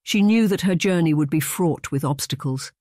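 Reading from a romance novel, the audiobook narrator keeps a steady, measured storyteller's pace at medium pitch. The scripted narration has studio quality and no room sound at all.

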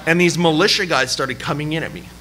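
A man from Canada preaching a sermon, telling a personal story in an animated, self-deprecating way with laughs. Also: fairly high pitch, quick pace, noisy background. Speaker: pastor. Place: church service.

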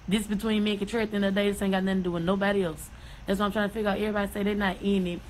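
A woman's voice: medium pitch, flat delivery, a little mellow, slight background noise, rough recording. A woman angrily ranting on social media, swearing and repeating herself. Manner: angry, profane, fast.

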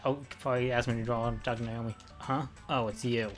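A man streaming a video game, talking casually and excitably, repeating himself and swearing freely. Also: medium pitch, quick pace, faint music behind. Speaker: gaming streamer. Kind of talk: casual gameplay commentary.

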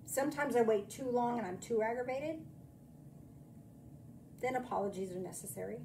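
Mellow-voiced woman preaching gently. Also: fairly high pitch, slight background noise. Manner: chatty, self-deprecating storytelling; slow, soothing meditation guidance. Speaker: minister. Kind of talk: sermon and guided meditation.

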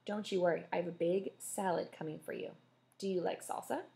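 A woman doing a loud, bossy restaurant mom. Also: lowish voice, fairly even intonation, fairly quick, gravelly. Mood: bossy warm. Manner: commanding, emphatic. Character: loud bossy affectionate mother running a restaurant.

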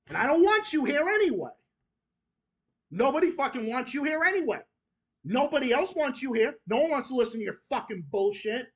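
A man hosting his own channel, delivering an angry, profane, repetitive rant that goes straight at his critics. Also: very high-pitched. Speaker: channel host.

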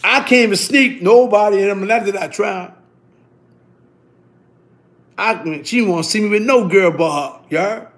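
A middle-aged man, telling stories in a casual, animated way, full of street slang and repeating himself. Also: sits high, measured pace, pauses often. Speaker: interviewee. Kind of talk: casual storytelling.

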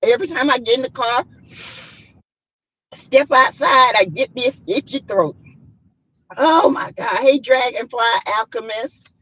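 A woman's voice: high voice, measured pace, pauses often, a bit bright, breathy edge, dull audio. A woman with a Southern American accent hosting a casual live stream, reading out viewer comments, laughing often and talking with plenty of sass. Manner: sassy, laughs often, greets viewers by name. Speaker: YouTube live stream host.

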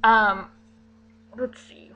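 A woman's voice: drawn-out words, highs cut off, faint music behind. A young woman vlogging casually, chatty and rambling, with fillers and little giggles. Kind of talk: casual vlog monologue.

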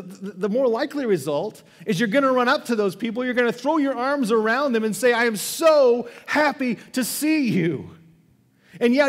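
High-voiced pastor in a reverberant hall. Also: male voice. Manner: conversational storytelling with repeated restarts. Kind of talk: sermon. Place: church sanctuary. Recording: long church hall reverb.

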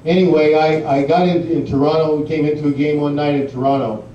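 Fast and steady, his mellow voice pitched a little high, this middle-aged man gives an induction-ceremony speech as guest speaker, piling up rambling anecdotes, fillers and laughs at his own stories. The sound comes from a large banquet hall: distant, muffled, echoey, with a little hiss or hum.

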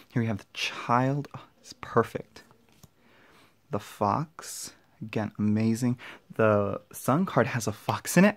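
A young man unboxing and walking through a card deck at home, excitable and gushing, often dropping to a hushed voice so his family won't hear. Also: lowish voice. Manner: excitable, gushing, drops to whispers; talks quietly with family nearby. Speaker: tarot vlogger. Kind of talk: casual unboxing vlog. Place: indoor room at home.

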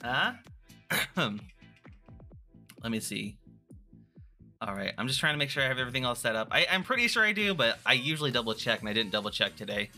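A man's voice: mid-range voice, very animated, brisk, pauses often, sharp tone, faint music behind. A man chatting casually on a live stream, playful and rambling, often restarting his sentences. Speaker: vtuber streamer.

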